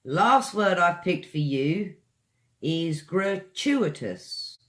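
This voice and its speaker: A man's voice: sits high, animated, a bit bright. A man with a British accent giving an online English pronunciation lesson, stretching out each word and chatting to viewers between examples. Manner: slow, drawn-out enunciation of words, chatty asides to viewers. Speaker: English teacher.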